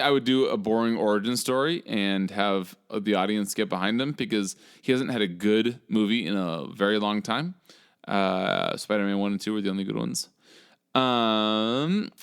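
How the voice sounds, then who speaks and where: Young guy on a podcast, lowish smooth voice, swears a lot, sarcastic rambling chat. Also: a bit bright. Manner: profane, sarcastic, rambling with fillers. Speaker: podcast co-host. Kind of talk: casual chat.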